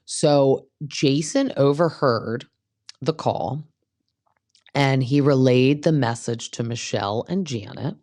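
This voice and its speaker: A woman's voice: very deep voice, slow pace, a little mellow, no room sound, studio quality. Chatty gossiping woman podcast host. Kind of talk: casual recap commentary.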